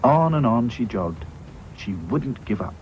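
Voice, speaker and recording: A man narrating a children's cartoon in a gentle, unhurried storytelling manner. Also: medium pitch, sing-song, dull audio, slight background noise.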